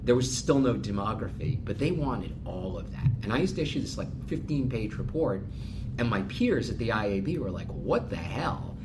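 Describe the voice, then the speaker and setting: Male guest, anecdotal and animated; lowish, very lively pitch, rumbling background. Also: a little fast, background noise. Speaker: interview guest. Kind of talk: casual storytelling.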